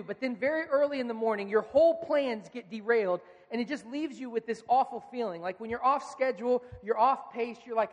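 A male pastor in his thirties preaching a sermon in a relaxed, conversational storytelling manner, acting out quoted lines. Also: very high voice, brisk, hardly any pauses, long reverb tail.

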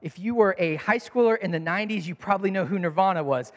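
A man's voice: sits high, fast talker, long reverb tail. A man preaching a sermon as pastor, telling stories and acting out quotes. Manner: animated storytelling, acts out quotes.

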